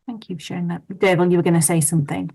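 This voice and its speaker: A woman moderating a work panel, brisk and encouraging as she hands over to guests. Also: on the low side, steady tone, gravelly, warm tone, breathy edge. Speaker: panel host.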